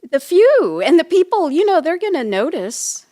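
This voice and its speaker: A woman's voice: very high-pitched, very animated, moderate pace, dark tone. A woman co-hosting a casual podcast, playful and full of curious questions. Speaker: podcast co-host and medium. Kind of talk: casual chat.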